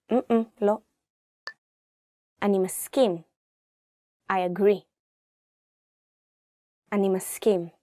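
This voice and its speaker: A woman's voice: mid-range voice, darkish tone, no echo. Chatty woman teaching phrases, dry sound. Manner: chatty, explains each phrase with personal asides. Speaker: language teacher. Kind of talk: casual phrase lesson.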